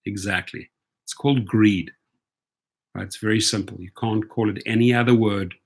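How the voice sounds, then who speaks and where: A man's voice: on the low side, fairly even intonation, moderate pace, vocal fry, breathy edge. A man hosting a casual livestream, talking emphatically and asking rhetorical questions. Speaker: rideshare channel host.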